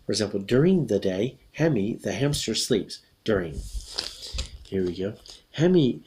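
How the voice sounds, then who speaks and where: A man teaching English grammar, reading a picture book aloud slowly and breaking off to explain and correct himself. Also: on the low side, big pitch swings, a little mellow, a little hiss or hum. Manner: reads slowly with self-corrections and asides. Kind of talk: casual read-aloud lesson.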